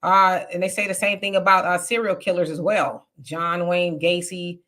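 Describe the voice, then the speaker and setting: Bright-voiced woman hosting a live stream. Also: lowish voice, little pitch movement, moderate pace. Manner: chatty, reads viewer comments aloud and answers them. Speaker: livestream host reading chat comments. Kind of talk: casual live-stream chat.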